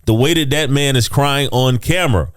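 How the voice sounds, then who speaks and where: A man's voice: mid-range voice, moderate pace, smooth, no echo, studio quality. A man co-hosting a podcast in casual chat, earnest and advice-giving. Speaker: podcast co-host.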